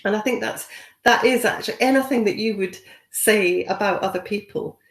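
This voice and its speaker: A woman's voice: medium pitch, moderate pace. Woman running a training webinar, chatty and encouraging, echoey room sound. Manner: encouraging, conversational, many "you know" fillers. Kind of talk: webinar talk.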